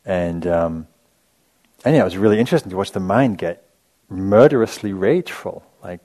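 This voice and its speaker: A man's voice: low voice, animated, normal speed, mellow. A man teaching meditation in a casual, chatty dharma talk, telling stories with rambling asides and laughing at his own anecdotes.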